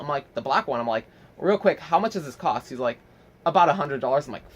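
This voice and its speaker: A young vlogger with a voice on the high side talks fast, telling a rambling story in a casual vlog. He's animated, swears freely, uses plenty of fillers and acts out the people involved.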